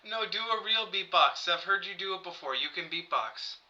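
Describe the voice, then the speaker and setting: A man hosting a casual chat with an AI, coaxing it along in a halting way and repeating himself. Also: high voice, lively intonation, sharp tone, dull audio. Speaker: podcast host.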